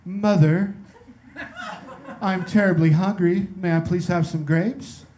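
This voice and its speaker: A man's voice: high-pitched, fairly even intonation, slow pace, mellow, a little hiss or hum, pitched above the performer's own voice. A man voicing an overly formal, well-spoken little child who politely begs for food in a stand-up comedy bit. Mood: politely pleading.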